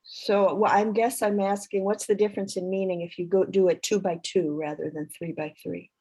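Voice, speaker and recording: A woman's voice: medium pitch, level tone, moderate pace, dark tone, breathy edge, low-quality recording. A woman in a study class asking a question, hesitant and searching for her words.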